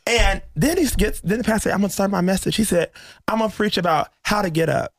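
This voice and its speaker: A man hosting a casual faith podcast, telling an emotional story and acting out the dialogue with lively energy. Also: high-pitched, racing, dry recording, clean studio sound. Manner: emotional, animated storyteller who acts out dialogue. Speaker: podcast host.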